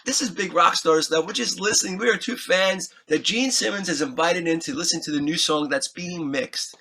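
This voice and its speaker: A man being interviewed as a musician, telling an animated, excitable anecdote, acting out scenes and swearing freely. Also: high-pitched, moderate pace. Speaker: guest musician.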